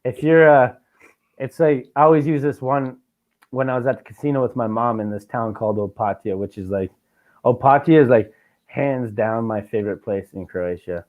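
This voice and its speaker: A podcast host from Canada, a man with a middle-pitched voice, talking loosely and swearing a lot. He acts out his stories and plays both sides of each exchange. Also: normal speed, phone-quality sound. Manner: profane, animated storytelling with mimicked dialogue. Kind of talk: casual chat.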